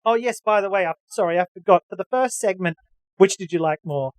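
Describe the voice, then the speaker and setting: A man's voice: high voice, fairly quick, no room sound, rough recording. A man hosting a podcast, chatting knowledgeably with lots of fillers and restarts. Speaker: podcast host. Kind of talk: casual chat.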